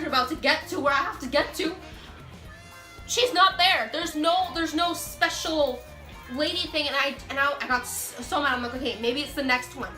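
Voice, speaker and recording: A young woman telling a storytime vlog in an animated, excitable, self-mocking way. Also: sits high, reverberant. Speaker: vlogger.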